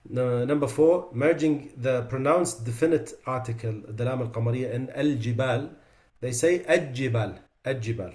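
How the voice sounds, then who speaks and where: A Quran recitation teacher leads a tajweed class, working through common pronunciation mistakes one by one. His middle-pitched voice moves at a moderate pace with few pauses, shifting between clearly recited examples and quiet, lowered-voice corrections.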